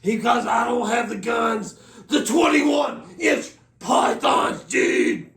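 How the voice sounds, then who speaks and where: A man doing a gravelly high-pitched hollering wrestler. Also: slow pace, echoey room, recorded from a distance, a faint crowd, full character voice. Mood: pumped up. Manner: shouting catchphrases, calls everyone brother. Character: loud pumped-up male wrestler impression, mustached.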